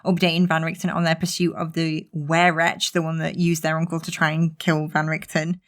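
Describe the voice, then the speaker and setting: A woman's voice: low-pitched, little pitch movement, brisk. A woman co-hosting a podcast in casual chat, talking through a book and laughing often. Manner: chatty, laughs often, reads excerpts aloud. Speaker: podcast co-host.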